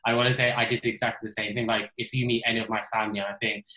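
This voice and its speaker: A man's voice: mid-range voice, flat delivery, very fast, sharp tone, roomy sound, poor audio. A young man from London with a London accent, chatting casually on a video-call panel with lots of fillers. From London, Isle of Dogs. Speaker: ethical designer, panel guest. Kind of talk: webinar panel discussion.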